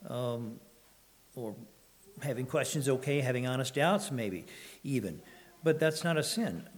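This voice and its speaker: A man preaching a sermon, halting often to clear his throat and using fillers, and reading scripture aloud in a raised, measured voice. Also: medium pitch, expressive.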